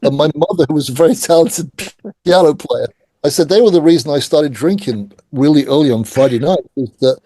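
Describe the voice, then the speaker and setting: Man telling lively band stories. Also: on the high side, a little fast, no echo. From England. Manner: animated anecdotes, acts out quoted voices. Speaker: guest. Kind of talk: casual storytelling interview.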